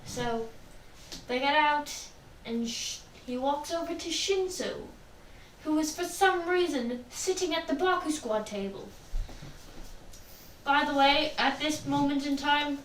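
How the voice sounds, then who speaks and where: A woman's voice: high-pitched, a little slow, fairly bright tone. A woman casually narrating a fan story role-play, chatty and rambling. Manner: rambling, chatty, laughs often. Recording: echoey room, distant mic, faint noise.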